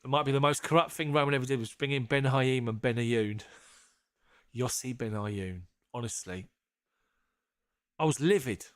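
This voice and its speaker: A man's voice: mid-range voice, normal speed, pauses often, clean tone, no room sound, studio quality. A man hosting a casual live fan stream. He is jokey, laughs often and swears casually as he chats with viewers.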